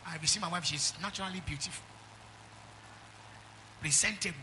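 Man, Nigerian accent, middle-aged, pastor's sermon, emphatic call-and-response, high-pitched. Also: a little fast, noisy background.

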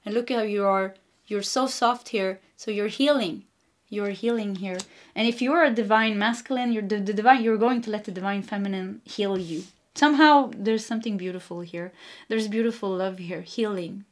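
A woman with a Swedish accent giving a casual spiritual tarot reading, meandering and giggly, gently reassuring. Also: mid-range voice, normal speed. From Sweden. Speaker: tarot card reader.

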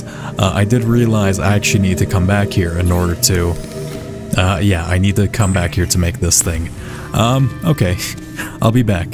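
A man giving casual, chatty commentary over his own gameplay, swearing freely and talking to the creatures on screen, from a desk mic. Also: on the low side. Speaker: let's play gamer.

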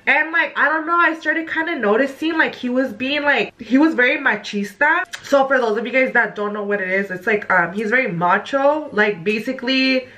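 A young woman talks straight to her viewers with a bright, forceful edge in her voice. Her speech sits a little high, and she tells the story loosely, swearing and saying "like" a lot. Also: moderate pace, few pauses. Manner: animated, profane, full of "like". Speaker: vlogger. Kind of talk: casual storytime.

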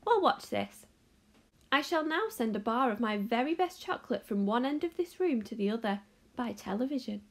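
Woman reading aloud as an eccentric male chocolate maker, excitable and commanding, with a gravelly edge. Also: on the high side, moderate pace. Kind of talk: storybook read-aloud.

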